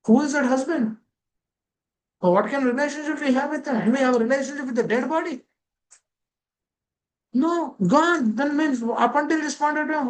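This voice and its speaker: A man's voice: very high-pitched, poor audio. A man gives a devotional scripture class over a video call. He keeps asking rhetorical questions and linking ideas with "that means.".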